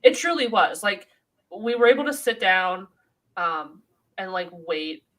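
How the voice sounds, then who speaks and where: A woman's voice: medium pitch, animated, unhurried, a bit bright. A woman chats in a casual podcast, filling her explanations with "like" and "um." She sounds a little distant, set back from the microphone. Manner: chatty, backchannels and fillers. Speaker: podcast co-host. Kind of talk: casual chat.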